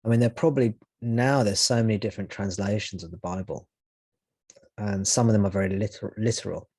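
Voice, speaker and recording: A man with a low, steady voice leads a spiritual satsang over a call, thinking aloud as he goes. His phrasing is reflective and he often restarts a sentence mid-thought. The sound is close and dry, with no room around it. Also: brisk, breathy edge, dry recording. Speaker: spiritual teacher. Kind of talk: live satsang talk.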